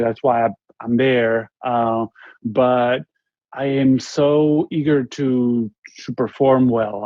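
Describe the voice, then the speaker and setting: A man in his forties from Spain with a Spanish accent, telling a story as an interview guest in an earnest, halting way with frequent restarts. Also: medium pitch, no echo, muffled recording. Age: 40s. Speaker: interview guest, former basketball player.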